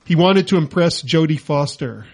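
A man's voice: fairly high pitch, animated, moderate pace. A man hosting a radio talk show, joking through a comedy list with a playful, laughing manner.

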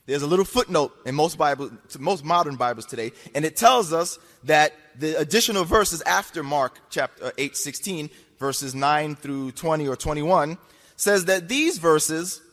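In a hall with long reverb, a man delivers an argumentative lecture a little slowly, his slightly high, fairly bright voice full of lively intonation. He's insistent and repetitive, pressing points through rhetorical questions.

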